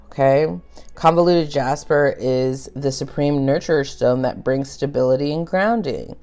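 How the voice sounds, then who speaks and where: Woman rambling thru her tarot podcast, slow and chatty, lots of ums, faint music under her. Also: very deep voice, mellow. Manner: rambling, chatty, many fillers. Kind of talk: casual solo podcast reading.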